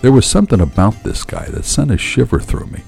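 A man narrating a first-person story in a dramatic, animated and profane way. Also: mid-range voice, fairly quick, gravelly, faint music behind.

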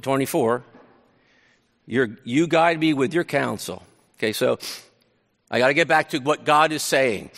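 A man preaching a sermon, paraphrasing scripture in a conversational, animated way with frequent restarts. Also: fairly high pitch, long reverb tail. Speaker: pastor.

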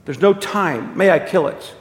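A man playing a calm, insistent burning angel. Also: sits high, normal speed, voice pushed up, close to an everyday voice. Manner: firm, steady, repeating one question. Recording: echoey hall, roomy reverb.

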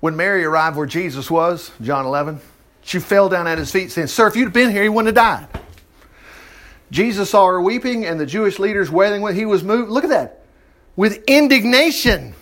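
A man teaching from the Bible in a folksy, animated way, breaking in with his own exclaimed asides, then praying. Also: high-pitched, moderate pace. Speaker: preacher. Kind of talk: informal Bible teaching and prayer.

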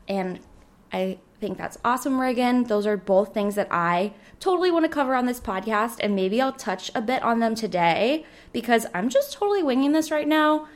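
Chatty slightly hoarse young woman. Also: a little high, expressive, normal speed. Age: 20s. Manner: rambling, chatty, full of "like" fillers. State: slightly hoarse, losing her voice. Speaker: podcast host. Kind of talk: casual solo podcast chat.

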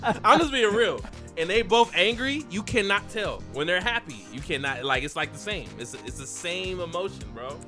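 A young man co-hosting a podcast in casual chat, animated, swearing a lot and calling his friend "bro.". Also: high-pitched, moderate pace, faint music behind. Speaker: podcast co-host.

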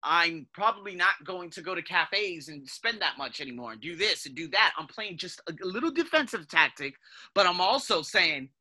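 A man hosting a podcast, giving a casual motivational monologue in an animated way, calling his listeners "guys" and often restarting his sentences. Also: high-pitched, normal speed. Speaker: podcast host.

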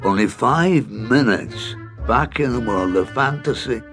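A man's voice: mid-range voice, lively intonation, measured pace, a bit bright, faint music behind. A man voicing a cheeky, jolly leprechaun with a Scottish accent in a storybook reading. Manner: jolly, chuckling.

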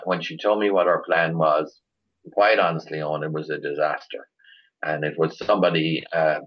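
A man's voice: low voice, lo-fi sound. A middle-aged Irish man chatting as an interview guest, telling rambling stories with many restarts. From Ireland. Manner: rambling storyteller, frequent restarts. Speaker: guest, chauffeur tour operator. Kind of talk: casual interview chat.

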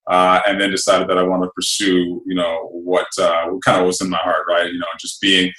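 Bright-voiced man in an echoey studio. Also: sits low, brisk. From England. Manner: relaxed, rambling with fillers and "right?". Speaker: radio host guest. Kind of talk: casual interview.

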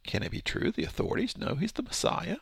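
A man's voice: quick pace, a bit bright, dry recording. A man giving a casual verse-by-verse Bible teaching, explaining with rhetorical questions and his own paraphrases.

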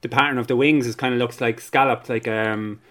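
An Irish man presenting a radio chat, relaxed and curious, prompting his guest with questions. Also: medium pitch, brisk.

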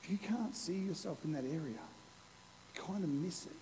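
Lively male pastor in a reverberant hall. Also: fairly high pitch, moderate pace, a little hiss or hum. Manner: lively and playful, with an object lesson. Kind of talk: sermon. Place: church hall before a congregation.

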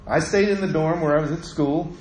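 A man's voice: a little high, a little fast, a little mellow, echoey room, poor audio. A middle-aged man preaching a sermon, telling a personal story in a conversational way and acting out the voices of the people in it.

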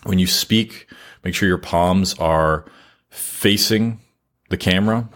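A man with a very deep, low-pitched voice talks as a podcast guest. He explains his advice earnestly and deliberately, often pausing between his points. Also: fairly bright tone. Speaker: podcast guest giving advice on content creation. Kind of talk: casual interview chat.

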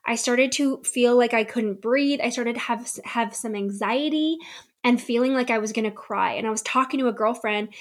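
A woman's voice: on the high side, moderate pace. A young adult woman from the United States hosting her own podcast, telling a personal story in a candid, reflective way. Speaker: podcast host. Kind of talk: solo podcast talk.

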